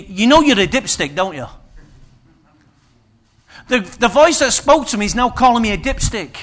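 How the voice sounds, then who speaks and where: A man's voice: high-pitched, bright, forceful tone. A man preaching a sermon, conversational and humorous with emphatic turns.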